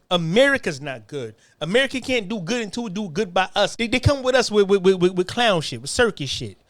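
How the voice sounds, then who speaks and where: A man's voice: high voice, fairly bright tone, dry recording. A man delivering a crude, heated political rant, often stammering repeated words. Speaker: political commentator.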